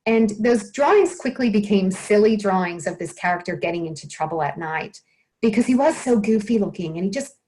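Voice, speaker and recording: A woman's voice: medium pitch, lively intonation, a little fast, a little mellow, low-quality recording. A woman, a children's author and illustrator, answering interview questions in a chatty, self-deprecating way with frequent restarts.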